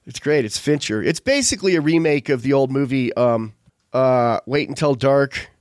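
A man's voice: medium pitch, lively intonation, normal speed, a little mellow, no room sound, studio quality. A man hosting a show, chatting casually in a rambling, digressive way full of fillers. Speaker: podcast host. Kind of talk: casual chat.

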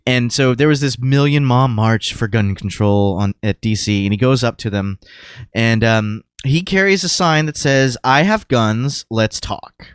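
A man co-hosts a casual podcast chat and retells events with lively acted-out quotes. His voice sits at a middle pitch and is recorded close and dry, with no room sound. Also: normal speed, clean tone, dry recording.

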